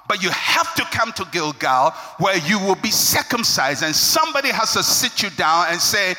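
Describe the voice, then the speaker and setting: A male preacher delivers his sermon with a bright, piercing edge to his voice. His pitch swings widely as he presses each point, and the sound rings out with a long hall reverb. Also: big pitch swings, fairly quick, few pauses. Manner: emphatic, rising and falling preaching cadence.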